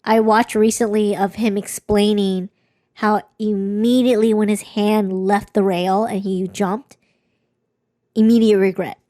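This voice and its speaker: In a studio-quality, echo-free recording, a young woman co-hosts a podcast and tells a personal story. Her warm, mid-range voice is unhurried with fairly even intonation, and the casual chat is candid and rambling, with many restarts.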